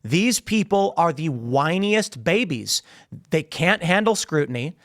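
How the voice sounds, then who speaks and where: Speaking directly into a studio mic, a podcast host lays into his critics with a high, somewhat bright voice full of big pitch swings. His pace is a little slow, and his rant is emphatic and mocking, with phrases repeated for emphasis.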